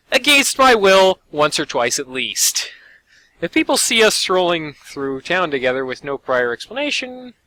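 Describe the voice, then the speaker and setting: A man's voice: a little high, bright, forceful tone, no room sound, poor audio. A man hosting a let's play, reading the game's story aloud and breaking off for joking asides.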